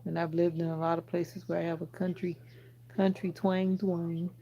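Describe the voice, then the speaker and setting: A woman's voice: fairly low pitch, flat delivery, normal speed, warm tone, highs cut off. A Jamaican woman from Jamaica hosting a casual livestream, chatting with viewers and teasing them as she answers their comments. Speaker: livestream host.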